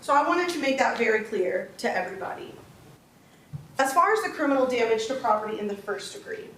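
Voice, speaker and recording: A woman's voice: fairly high pitch, very animated, a little fast, fairly bright tone, a little hiss or hum. Emphatic woman prosecutor in an echoey courtroom. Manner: emphatic, explaining the law step by step. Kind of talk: closing argument to a jury. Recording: echoey courtroom audio from a distance.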